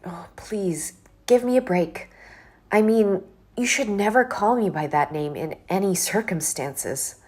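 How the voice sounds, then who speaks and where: An actress playing a young office worker who firmly and politely pushes back against a colleague. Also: female voice, medium pitch, animated, measured pace, a little mellow, breathy edge, soft background music. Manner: firm, exasperated, polite refusals. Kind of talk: scripted dialogue drama.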